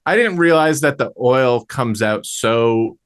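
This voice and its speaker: A young adult man co-hosting a podcast, chatting casually in a halting way with many restarts. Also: mid-range voice, lively intonation, smooth. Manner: halting, lots of fillers and restarts. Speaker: podcast co-host. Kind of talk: casual chat.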